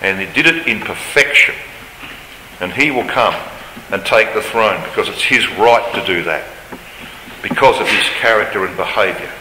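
Bright-voiced man lecturing in a hall. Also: lowish voice, normal speed, slight background noise. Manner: emphatic, rising when reading scripture aloud. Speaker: Bible study speaker. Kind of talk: Bible study lecture. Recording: roomy hall reverb, faint ambience.

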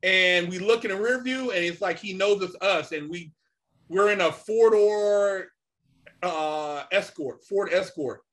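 A man's voice: sits high, measured pace, fairly bright tone. A man, a podcast guest, telling a story in a casual, slangy way, full of "man" and "you know".

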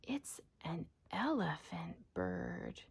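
A woman's voice: on the low side, huge pitch swings, extremely slow, creaky, breathy edge, no room sound, voice pushed down, full character voice. A woman voicing an amazed circus crowd. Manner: exclaiming in wonder.

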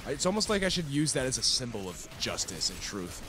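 A young man at a mid pitch trades goofy, profane jokes with a friend while they play a game together. His talk is loose, casual banter, full of swearing and silly asides. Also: sing-song, brisk, noisy background. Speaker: co-host of a co-op let's play.

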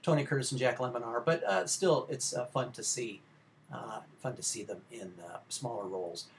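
A man's voice: medium pitch, moderate pace, creaky, a little hiss or hum. A middle-aged man giving a recorded slide lecture for a film class, informal and rambling, with many fillers and restarts.

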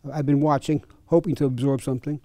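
A man's voice: medium pitch, fairly even intonation, fast talker, warm tone, no room sound, studio quality. An older man and fencing coach, telling chatty, chuckling anecdotes at a clinic. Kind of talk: casual anecdotal storytelling.

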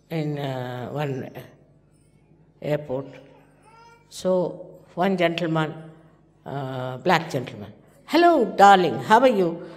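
Older Indian woman teaching in a hall. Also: deep voice. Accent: Indian English. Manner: conversational, anecdotal, acting out quoted dialogue. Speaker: spiritual teacher. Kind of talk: informal spiritual talk. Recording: long hall reverb.

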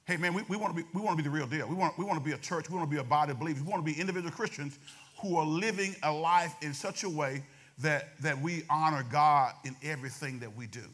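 A man preaching a sermon as pastor, talking fast and calling out to the congregation. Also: on the high side, fairly bright tone.

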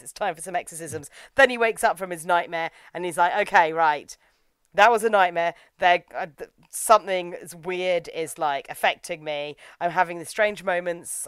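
Woman podcast host, lower pitch, clear tone, lively recap storyteller. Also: no room sound. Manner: animated storytelling, acts out characters' lines. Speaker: podcast co-host reviewing anime. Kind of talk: casual recap chat.

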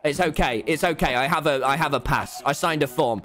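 A man streaming a game, talking loudly in rowdy, mock-angry outbursts. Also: on the high side, brisk, soft background music. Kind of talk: excitable gaming chatter.

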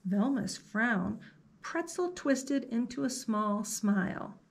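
A woman librarian reading a picture book aloud to children, slow and gentle, stopping to ask the listener questions. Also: a little high, expressive, vocal fry.

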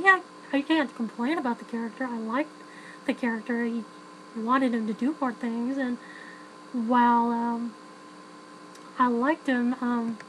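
A woman's voice: a little high, a bit bright, slight background noise, rough recording. A woman giving a frank, chatty spoken film review, full of fillers and restarts.

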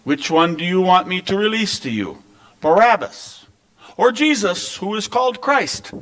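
Brief: man reading a troubled Roman governor in a church scripture reading, lines lifted higher on each question. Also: measured pace, exaggerated voice, poor audio. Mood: pleading. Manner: expressive reading, rising pitch on questions. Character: weary male Roman governor questioning a prisoner.

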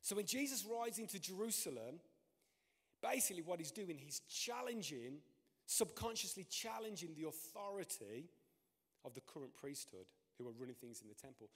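A male pastor preaching with animated delivery, his voice surging up and falling away again. His voice sits a bit high for a man. A long church-hall reverb trails each phrase. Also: normal speed. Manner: animated preaching with sharp rises and drops in pitch and loudness. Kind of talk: sermon.

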